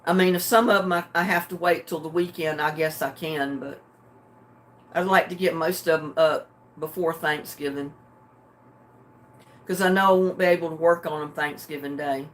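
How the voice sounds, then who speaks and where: A woman's voice: low-pitched, steady tone, normal speed, slight background noise. Drowsy older woman chatting. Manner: chatty, homey, chuckles often. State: drowsy and relaxed. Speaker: livestream host. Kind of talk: casual chat with live viewers.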